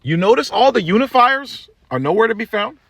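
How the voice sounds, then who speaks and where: A man from the United States hosts his own commentary show, talking bluntly in loose slang. His voice sits slightly high and jumps around a lot in pitch. The sound is dry and close, with no room around it. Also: sing-song, brisk, creaky, a bit bright, dry recording. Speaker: show host. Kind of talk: opinion commentary monologue.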